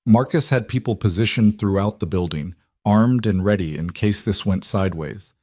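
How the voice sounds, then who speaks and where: A man narrating a dramatic story in a calm, even reading voice. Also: lowish voice, normal speed, dry recording, studio quality.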